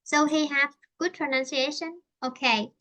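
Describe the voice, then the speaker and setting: A woman with a Vietnamese accent teaching an online English lesson, explaining slowly in simple English and repeating herself. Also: sits high, fairly even intonation, sharp tone.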